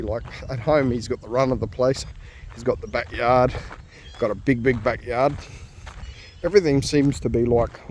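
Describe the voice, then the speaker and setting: A man's voice: mid-range voice, darkish tone, a little hiss or hum. A man with an Australian accent chatting casually while walking his dog outdoors, rambling with fillers. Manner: easygoing, chatty, many fillers and asides. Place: outdoors on a nature walk.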